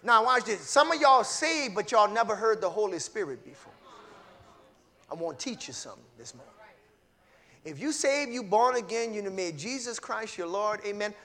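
A male preacher delivering a sermon with call-and-response, mixing casual talk with sudden shouted bursts. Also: high voice. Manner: casual conversational preaching with laughter.

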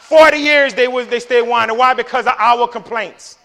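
A man preaching a passionate sermon, swinging from low murmurs to loud emphatic declarations. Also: moderate pace, gravelly.

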